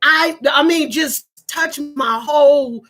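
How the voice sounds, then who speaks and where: A woman's voice: high-pitched, slow, fairly bright tone, faint music behind. A middle-aged woman vlogging casually about her day, emotional and tearful, often restarting her sentences. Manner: emotional, tearful and laughing, talks with many restarts. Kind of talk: casual personal vlog storytelling.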